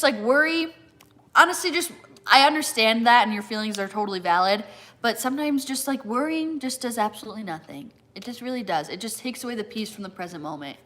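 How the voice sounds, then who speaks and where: Young woman, bright tone, casual live-stream chat, says "like" a lot, eating between answers. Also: on the high side. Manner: chatty, fills with "like" constantly. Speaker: fitness content creator.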